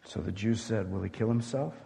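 Emphatic preacher in a reverberant hall. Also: male voice, fairly low pitch, fairly quick, vocal fry. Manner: emphatic preaching, swinging between loud urgency and hushed gravity. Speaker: pastor. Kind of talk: sermon.

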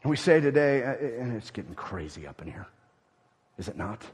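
A man preaching a sermon as pastor, swinging from loud emphatic lines to hushed, near-whispered ones. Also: mid-range voice, big pitch swings, normal speed, slightly rough, big-room sound.

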